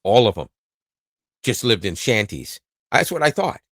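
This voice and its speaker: A Canadian man co-hosting a podcast, chatting casually and joking with quick asides. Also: fairly low pitch, sing-song, a bit bright, dry recording, studio quality. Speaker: podcast co-host. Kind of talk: casual chat.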